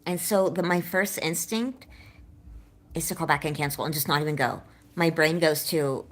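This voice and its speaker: A woman's voice: deep voice, moderate pace. A woman chatting candidly on a livestream, rambling and self-doubting, with a slight lisp that comes out when she is nervous.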